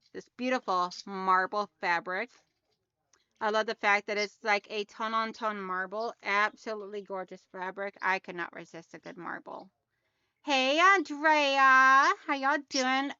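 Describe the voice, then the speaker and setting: Bright, chatty woman livestream host. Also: medium pitch, clean tone, no room sound, highs cut off. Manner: chatty, talks straight to viewers and reads out chat comments. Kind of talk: casual livestream chat.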